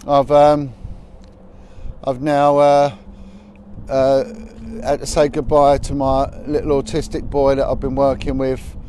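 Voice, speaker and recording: A man's voice: mid-range voice, flat delivery, slow, warm tone. A man chatting on a casual livestream from outdoors, greeting viewers by name as he films on his phone. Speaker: livestream host. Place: outdoors on a high spot above the city at sunset. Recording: outdoor phone audio with faint traffic noise.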